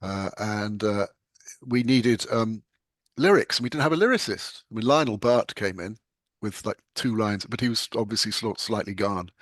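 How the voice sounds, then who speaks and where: A man's voice: on the low side, moderate pace, dry recording, studio quality. An older man with a British accent, telling stories as a novelist being interviewed, laughing often. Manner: animated storyteller, laughs often. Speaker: guest novelist. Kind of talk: conversational anecdote.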